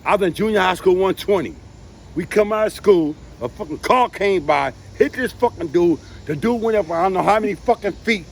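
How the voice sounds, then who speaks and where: A man telling profane, animated street stories, who has been drinking. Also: high voice, a little fast, gravelly, a little hiss or hum. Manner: profane, animated street storytelling with sound effects. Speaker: interviewee. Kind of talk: casual storytelling.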